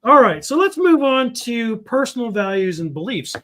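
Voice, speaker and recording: A man hosting a casual group chat over a card game, joking and teasing loudly. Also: very high voice, very animated. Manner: joking, loud teasing, quick to laugh. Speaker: host.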